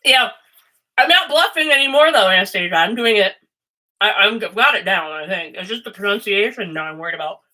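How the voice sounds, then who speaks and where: A woman chatting loosely on a livestream while reading tarot, her voice bright and sharp-edged. She rambles from story to story, swears freely and drifts off on tangents at a mid-range pitch. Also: expressive, a little fast, poor audio. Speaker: host and tarot reader. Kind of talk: casual livestream chat.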